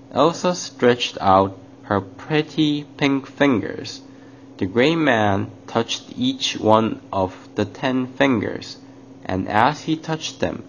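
A man narrating a children's fairy tale, addressing young listeners. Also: mid-range voice. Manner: slow, warm address to children. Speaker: storyteller. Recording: dull lo-fi, faint hiss.

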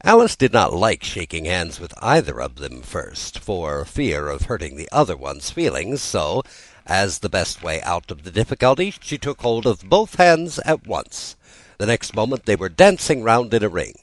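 Deep male voice reading a storybook, very lively up and down, dry close sound. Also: moderate pace, dry recording, low-quality recording. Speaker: audiobook narrator. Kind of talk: storybook narration.

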